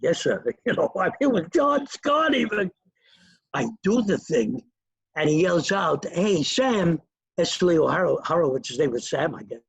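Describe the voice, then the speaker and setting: An older man with a fairly high, gravelly voice tells stories about his past. He brings them to life by acting out the people in them. The recording is dry and dull. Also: a little slow, dry recording. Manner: animated, acts out quoted voices. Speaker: interview guest, magician. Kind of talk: anecdotal storytelling.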